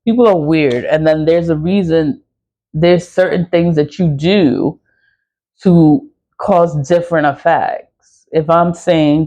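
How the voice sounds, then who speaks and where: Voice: medium pitch, fairly even intonation, slow pace, dark tone. A spiritual practitioner talking in a casual monologue, rambling and repeating themselves, laughing often and swearing freely, on a slightly muffled recording.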